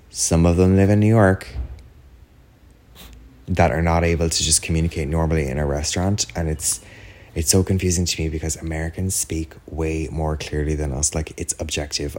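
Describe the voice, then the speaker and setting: A man's voice: very deep voice, darkish tone. An Irish man hosting a podcast, telling a story in a chatty, rambling way, full of "like" and "do you know what I mean". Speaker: podcast host. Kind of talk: casual solo chat.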